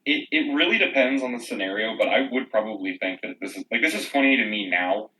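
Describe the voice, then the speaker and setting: A man co-hosting a podcast, speaking in a hesitant, measured way during casual chat. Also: fairly low pitch, pushed and bright. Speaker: podcast co-host. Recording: echoey room, distant mic.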